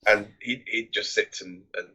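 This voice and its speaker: A man co-hosting a casual film podcast, chatty and quick with jokes as he retells scenes, on dull lo-fi audio. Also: lowish voice, fairly even intonation, sharp tone, husky. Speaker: podcast co-host.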